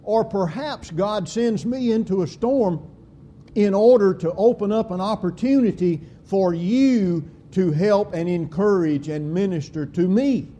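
A man preaching a sermon, with slow, deliberate delivery and emphatic swings in pitch and volume. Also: dark tone.

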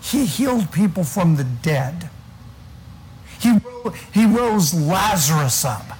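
A man preaching a sermon with a high voice, taking his time and leaning on each word as he reads scripture. A faint hum of ambience sits behind him. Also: sing-song, a little mellow, rough recording. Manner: preaching with slow, weighty emphasis and scripture reading.

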